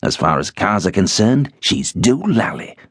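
A man voicing a bad-tempered middle-aged husband who mutters gruffly, in an audiobook. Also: low voice, big pitch swings, measured pace, a bit bright, no echo, studio quality, full character voice. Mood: irritated.

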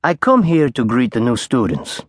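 A frail, elderly law professor with a soft, sing-song lilt and a quiet, commanding air, as a man puts him on. He speaks gently and unhurriedly, in a mid-pitched voice. The recording is dry, with no room sound. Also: very animated, normal speed, breathy edge, dry recording. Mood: musing. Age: older.

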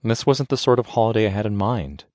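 Man voicing a bristling young wife, raised pitch. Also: very animated, brisk, darkish tone, dry recording, clean studio sound. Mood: indignant. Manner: clipped, speaks through gritted teeth. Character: resentful nervous young wife.

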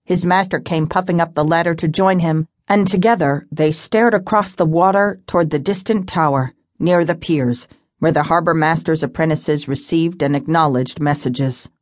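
A woman narrating a fantasy novel audiobook in a steady, measured storytelling voice. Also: deep voice, no room sound, clean studio sound. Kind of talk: scripted narration.

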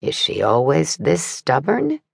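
A woman's voice: sits low, huge pitch swings, measured pace, vocal fry, breathy edge, dry recording, studio quality, full character voice. A woman voicing a pushy middle-aged mother in an audiobook, insistent and scolding.

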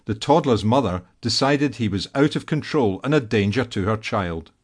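A man reading an audiobook as narrator in a measured, storytelling style. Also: lowish voice, animated, breathy edge. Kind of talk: scripted narration.

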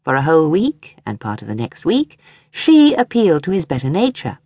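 A woman narrating a short story in an expressive storytelling manner. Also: sits low, fairly quick, husky, dry recording. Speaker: audiobook narrator. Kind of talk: scripted narration.

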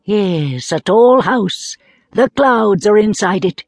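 A woman reading a children's storybook aloud and voicing a gentle, towering female wind spirit who is slightly cross and speaks in a calm, reasoning way. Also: mid-range voice, slow, no room sound, studio quality, pitched above the performer's own voice. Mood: lofty. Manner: calm, reasoning, faintly reproachful.

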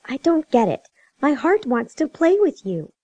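A fiery, stubborn little girl as a woman narrator puts her on, rising high and swooping as she pleads. Her talk is lively and insistent, and the recording is close and dry. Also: measured pace, no echo, muffled recording. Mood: wistful. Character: spirited seven-year-old girl, stubborn and fiery.

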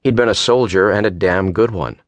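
A man narrating an audiobook in a steady, measured way, recorded on a close studio mic. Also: on the low side, dry recording. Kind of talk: scripted narration. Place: recording booth.

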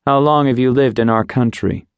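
A man voicing a calm, polite agent. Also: mid-range voice, smooth, no room sound, close to an everyday voice. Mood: firm. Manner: measured, firm, polite. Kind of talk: audiobook character voice.

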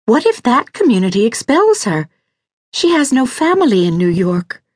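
A woman's voice: a little high, sing-song, normal speed, no room sound, studio quality, voice pushed up. Woman voicing a tearful, pleading young wife. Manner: earnest, pleading.

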